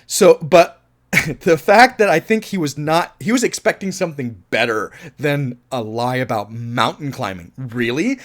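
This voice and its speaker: A man's voice: medium pitch, sing-song, unhurried, a bit bright. A man reviewing a film in a casual monologue. He is enthusiastic, laughs often and swears freely.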